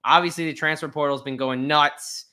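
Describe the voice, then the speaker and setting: A man co-hosting a sports betting podcast, chatting casually with a hyped-up, drawn-out delivery. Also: a little high, steady tone, sharp tone. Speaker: podcast co-host.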